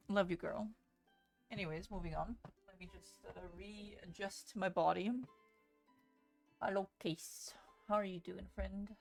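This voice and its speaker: Young woman, book streamer, casual livestream chat, gravelly fry, cursing, chatty. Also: medium pitch, a little slow, faint music behind. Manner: chatty, swears freely, greets chat excitedly.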